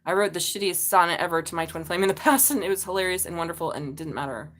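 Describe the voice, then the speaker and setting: A woman's voice: lowish voice, fast talker, a bit bright. A middle-aged woman reading tarot on a casual live stream, blunt and chatty, swearing freely. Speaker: tarot reader.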